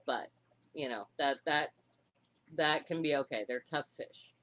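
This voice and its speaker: Low-pitched woman, halting livestream chat. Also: pushed and bright. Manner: halting, emotional, many restarts. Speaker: livestream co-host.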